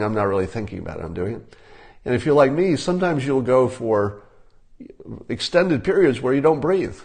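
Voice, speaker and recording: An older man talking casually, giving relaxed conversational advice and demonstrating tips as he goes. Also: on the low side, breathy edge.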